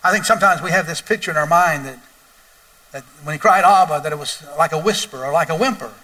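Bright-voiced pastor, distant mic. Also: male voice, on the high side, quick pace. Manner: builds from quiet storytelling to loud, wailing emphasis. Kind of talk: sermon with storytelling.

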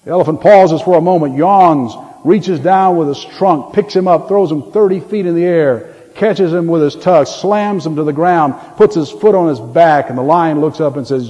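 A man preaching a sermon, animated and storytelling, rising loud on his key points. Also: fairly high pitch, normal speed. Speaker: pastor. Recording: long hall reverb.

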